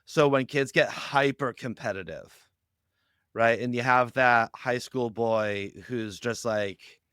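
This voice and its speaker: A man speaking as a guest on a podcast interview, explaining ideas with lively anecdotes and acting out quoted lines. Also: mid-range voice, slow, clear, resonant tone, no echo, studio quality. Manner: animated storytelling, acts out quoted lines. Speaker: guest on a youth ministry podcast.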